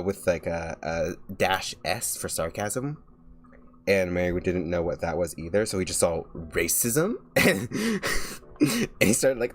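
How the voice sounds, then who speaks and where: A young man streaming as a vtuber, chatting casually while he draws, rambling with lots of filler words and restarts. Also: deep voice.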